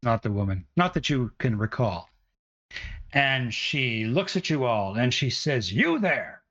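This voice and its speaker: Man running a tabletop game, slow, halting, many uhs, lo-fi dull audio. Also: medium pitch, lively intonation, a bit bright. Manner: hesitant, many fillers. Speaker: game master.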